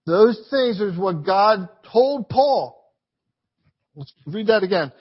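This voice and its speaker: A man preaching a sermon to his church, emphatic and repetitive, swinging between loud urging and quiet reflection. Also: sits high, animated, takes it slowly, breathy edge, lo-fi sound.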